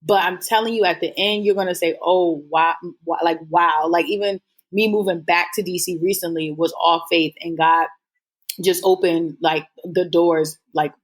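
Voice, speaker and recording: A woman's voice: on the low side, fairly even intonation, normal speed. A woman guest telling her story in a casual interview, earnest and rambling with lots of fillers. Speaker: guest entrepreneur.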